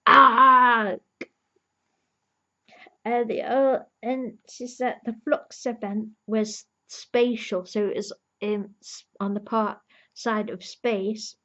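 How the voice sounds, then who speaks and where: Slow-talking woman reviewing a TV episode. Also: fairly high pitch, flat delivery, darkish tone, highs cut off. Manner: earnest, emotionally invested fan recapping the plot. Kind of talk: casual review vlog.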